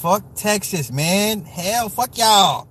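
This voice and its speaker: A man from the US Midwest hosting a casual livestream, talking to chat with profane, joking, animated rants. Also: high voice, slow, slightly rough. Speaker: livestream host reading chat.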